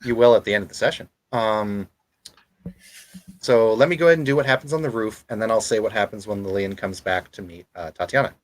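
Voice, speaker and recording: A man narrates a tabletop game as its game master. He talks in a relaxed, halting way, often pausing on fillers and restarting his sentences. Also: lowish voice, rough recording.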